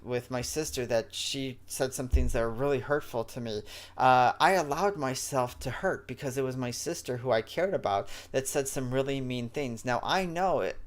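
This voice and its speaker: A man hosting a spiritual talk show, speaking in a casual, rambling way with frequent restarts as he teaches. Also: mid-range voice.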